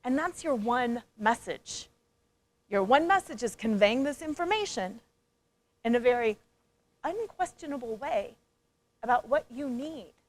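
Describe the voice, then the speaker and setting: Woman, high voice, coach giving a motivational conference talk, playful and interactive. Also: unhurried, pauses often. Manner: lively, playful, engages audience with questions; acts out quoted voices. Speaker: speaker and coach.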